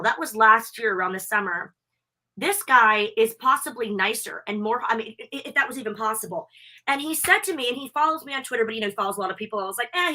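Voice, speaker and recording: An American woman who works as a wrestling interviewer and convention host guests on a wrestling podcast over a video call. With a fairly high-pitched voice, she gushes through her stories in a bubbly, excited, chatty way.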